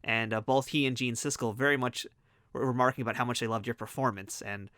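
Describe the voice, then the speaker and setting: A man's voice: mid-range voice, steady tone, bright, forceful tone, no echo, studio quality. An American man hosting a casual interview, enthusiastic about the guest's work. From United States. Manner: enthusiastic, rapid talker. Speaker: podcast host.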